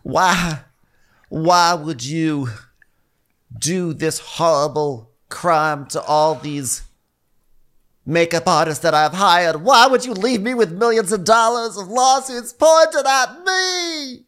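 A man's voice: high voice, slow, a bit bright, pitched above the performer's own voice. A man doing a mocking impression of a defensive woman celebrity, faltering and melodramatic. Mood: mock outrage.

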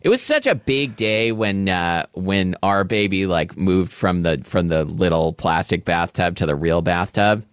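A man's voice: low voice, lively intonation, a little slow, few pauses, clean tone, no echo. A man co-hosting a podcast, easygoing and chuckling in casual chat, introducing a guest. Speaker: podcast co-host.

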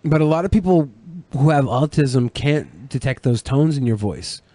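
A man's voice: medium pitch, lively intonation, normal speed, mellow, no echo. A man co-hosting a podcast, riffing crudely and joking in casual chat. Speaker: podcast co-host.

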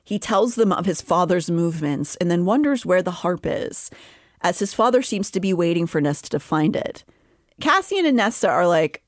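A woman co-hosting a podcast, recapping a novel's plot in a casual chatty way and now and then dropping into quick silly character voices. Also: on the low side, animated, dry recording, clean studio sound. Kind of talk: casual book recap chat.

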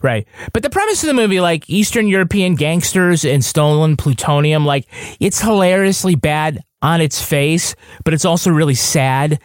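A man's voice: a little high, normal speed, few pauses, dry recording, studio quality. Sarcastic man on a podcast panel. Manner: sarcastic, deadpan jokes. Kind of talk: casual chat.

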